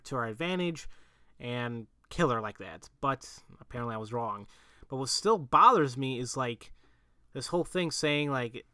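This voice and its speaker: A man doing casual let's play commentary, excitable and prone to shouting, then rambling with restarts as he reflects. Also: medium pitch, no room sound. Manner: excitable, breaks into shouts and laughter. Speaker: let's player.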